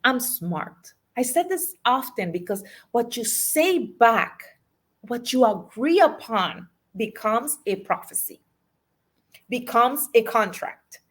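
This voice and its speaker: A woman's voice: on the high side, animated, slow. Woman coach, motivational delivery, leans on repetition and direct questions to listeners. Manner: emphatic, repeats key phrases, asks the audience questions. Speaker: life and business coach.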